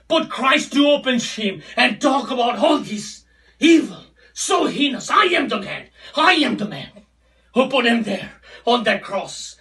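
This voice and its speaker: A man preaching with a strikingly high, bright voice, swinging between hushed lines and shouting. He repeats his phrases for emphasis. He sounds set back from the microphone. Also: recorded from a distance. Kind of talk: sermon.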